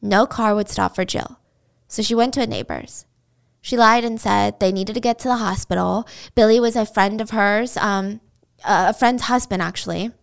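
A woman's voice: medium pitch, steady tone, normal speed, creaky, smooth. A woman retelling a true-crime story in a casual, dramatic way, with chatty asides to the listener.

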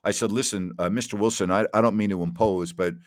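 A man's voice: lowish voice, fairly even intonation, fast, no room sound. A middle-aged man from New York hosting a radio talk show, telling rambling, nostalgic stories with plenty of fillers. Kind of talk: casual call-in show chat.

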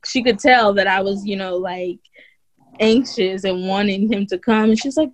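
A woman with a mid-range voice, speaking at normal speed, appears as a guest on an interview show and tells her own birth story chattily, full of "like", "you know", and restarts. She acts out other people's lines in a raised voice, and there's no room sound.

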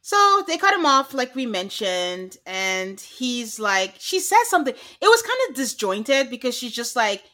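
A woman with a bright, fairly high voice recaps a reality show on a podcast. She talks casually and keeps jumping into little impressions of the cast as she goes. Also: measured pace, few pauses. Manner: animated, acts out quotes from the show. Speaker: podcast co-host.

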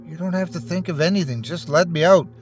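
A man's voice: fairly high pitch, fast, soft background music, lightly acted. A man voicing a trapped man who pleads desperately to be let out. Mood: pleading. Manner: pleading, rising to frantic screams.

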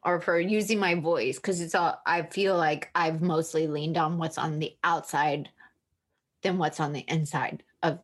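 A woman's voice: low-pitched, steady tone, unhurried. A woman author, a guest on a podcast, talking openly and candidly about her feelings. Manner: open and emotionally candid. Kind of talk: candid interview talk.

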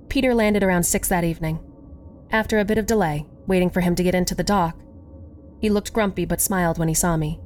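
A woman narrating a first-person horror story in a slow, measured storytelling voice. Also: lowish voice, a little mellow.

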